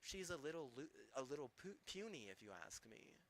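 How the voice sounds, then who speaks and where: A man's voice: a little high, expressive, a little fast, a bit bright, a little hiss or hum. A man streaming, ranting angrily with heavy swearing and rambling, restarting sentences. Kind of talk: angry profane rant.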